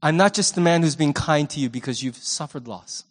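Guy preaching doing a soft patient teacher voice, tender, kinda high, big hall echo. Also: lively intonation, slow. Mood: reassuring. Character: gentle patient male teacher, calm and reassuring.

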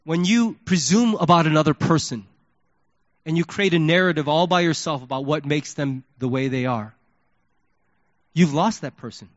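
A male pastor preaching a sermon, telling a story in an animated way and acting out his own reactions. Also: fairly high pitch, moderate pace, dry recording, highs cut off.

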